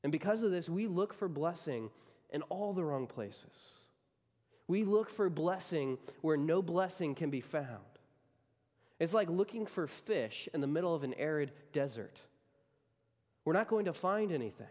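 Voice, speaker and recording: A male pastor delivering a sermon with a somewhat high voice. He speaks emphatically and hammers points home through repetition. His voice rings out with a long hall reverb. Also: lively intonation, a little slow, darkish tone. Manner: emphatic, repeats key phrases for stress.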